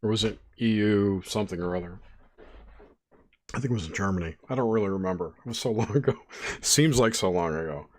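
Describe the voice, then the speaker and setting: Low-ish guy hosting, kinda hesitant, trailing off when he can't remember. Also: fairly quick, darkish tone. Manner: hesitant, unsure recall. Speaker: host. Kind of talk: casual interview talk.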